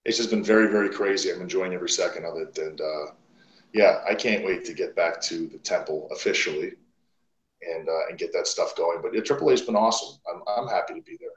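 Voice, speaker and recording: A man's voice: deep voice, brisk. A man guest on a wrestling podcast, telling stories bluntly with lots of swearing. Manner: blunt, profane, animated storytelling. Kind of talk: casual podcast interview storytelling. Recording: roomy echo.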